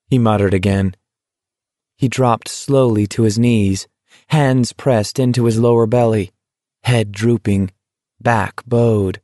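A man reading a novel aloud as narrator, in a measured, deliberate way. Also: on the low side, fairly even intonation, dark tone, dry recording, studio quality. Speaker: audiobook narrator. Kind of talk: scripted narration.

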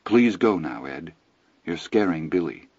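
A man reading as a calm, cold stepmother. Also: measured pace, breathy edge, dry recording, muffled recording, heavily acted. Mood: icy calm. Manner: low, calm, quietly cutting. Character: calm, cold, controlling middle-aged stepmother.

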